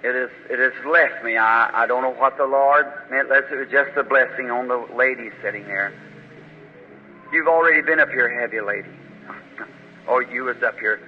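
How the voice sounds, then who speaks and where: A medium-pitched man preaches at a faith healing service at a moderate pace, praying fervently and growing commanding and forceful as he rebukes. The recording is old and muffled, from a reverberant hall, with slight background noise.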